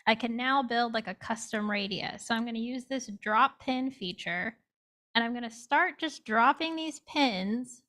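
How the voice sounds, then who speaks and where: A woman calmly explaining each step of a screen-share demo on a video call. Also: a little high. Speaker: presenter's assistant.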